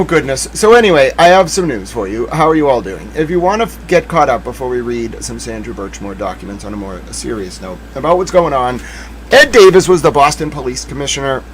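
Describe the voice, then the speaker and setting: A man's voice: mid-range voice, slight background noise, low-quality recording. A man from Massachusetts hosting a casual livestream, talking in a sarcastic, joking, rambling way. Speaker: livestream host.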